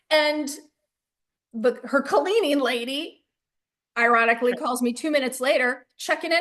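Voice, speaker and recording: Woman, high voice, chatty, laughs often, casual spiritual chat, video call. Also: a little slow, long pauses, fairly bright tone. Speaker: co-host.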